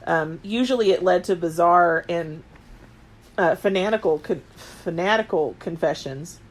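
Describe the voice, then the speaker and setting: A woman in her late thirties, co-hosting a podcast and retelling history in casual chat, rambling and full of filler words. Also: fairly low pitch. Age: late 30s. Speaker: podcast co-host.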